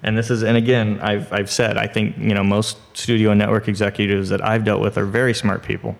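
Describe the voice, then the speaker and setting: A low-pitched male screenwriter tells a casual podcast story. He is animated and full of quick restarts and fillers. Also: vocal fry. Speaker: guest, screenwriter and TV producer.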